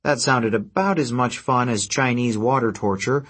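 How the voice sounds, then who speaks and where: A man narrating a fantasy adventure story in a steady, even storytelling manner. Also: medium pitch, normal speed, breathy edge. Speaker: audiobook narrator. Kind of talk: scripted narration.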